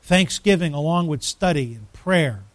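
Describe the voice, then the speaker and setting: High-voiced man preaching with dramatic swings. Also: animated, dry recording. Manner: emphatic preaching with dramatic pauses and sudden drops to a hush. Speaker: pastor. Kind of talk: sermon.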